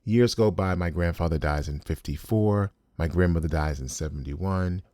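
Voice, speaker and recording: A man's voice: deep voice, normal speed, dark tone, no echo, studio quality. A man hosting a podcast, telling a personal family story in a blunt, emphatic, profane way. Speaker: podcast host.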